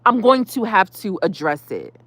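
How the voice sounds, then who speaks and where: A woman venting casually about a neighbor, animated and profane. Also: medium pitch, normal speed, dry recording. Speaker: vlogger. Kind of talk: casual storytime rant.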